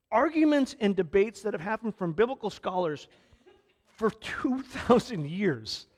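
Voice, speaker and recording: A male pastor giving a conversational sermon, restarting his sentences and acting out quotes as he retells stories. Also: high voice.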